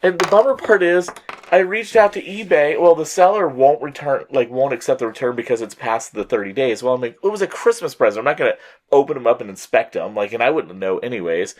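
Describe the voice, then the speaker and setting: A man's voice: medium pitch, fast. A man co-hosting a toy show, telling a story in casual chat with a stuffy, allergy-congested voice and acting out other people's reactions. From Colorado. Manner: animated storytelling, mimics others.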